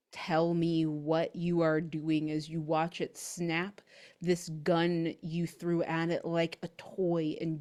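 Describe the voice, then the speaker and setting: A woman running a tabletop horror game, speaking very slowly in a soft, hushed voice. Her tone sits a little low. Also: smooth. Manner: slow, soft, hushed narration. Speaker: game master.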